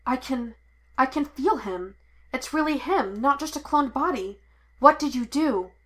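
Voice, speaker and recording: A woman's voice: mid-range voice, a little slow, lightly acted. A woman reading the lines of an earnest young man who is a Jedi, raised and urgent. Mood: urgent pleading.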